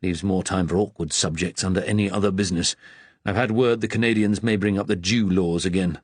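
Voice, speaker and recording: A man's voice: low voice, fairly even intonation, a little fast, slightly rough, no echo. A man voicing a smug, self-important senior official who speaks in a dry, confiding way. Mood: knowing.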